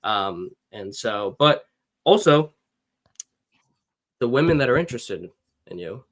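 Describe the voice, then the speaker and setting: A man giving dating advice as a coach in a casual podcast chat, animated, acting out quotes and swearing casually. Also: medium pitch, slow.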